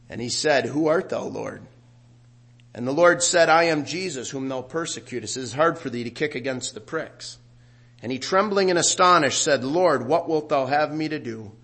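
A middle-aged man preaching a sermon, growing loud and animated when he quotes scripture. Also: mid-range voice, moderate pace. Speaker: pastor.

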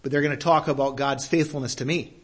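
A man's voice: mid-range voice, fairly even intonation, fast talker. A man preaching a sermon in an earnest way, repeating his phrases and building to emphatic peaks.

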